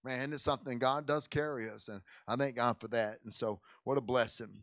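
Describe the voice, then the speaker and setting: Fairly quick and fairly even in intonation, this mid-range, slightly bright male voice belongs to a pastor addressing his congregation in a church sanctuary, with no echo. His informal service talk and prayer is folksy, marked by repeated and restarted words and frequent "man" and "amen."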